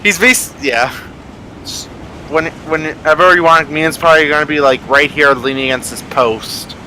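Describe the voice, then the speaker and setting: Bright-voiced man, rambling and self-correcting. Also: a little high, normal speed, slight background noise, low-quality recording. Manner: rambling, constantly restarting and correcting himself. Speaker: player. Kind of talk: casual chat during tabletop game setup.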